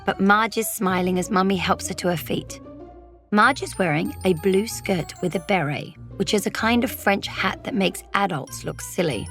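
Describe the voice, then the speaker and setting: A woman narrating a children's storybook as a young girl, lively and dropping into whispers for suspense. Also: lowish voice, moderate pace, vocal fry, faint music behind. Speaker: audiobook narrator.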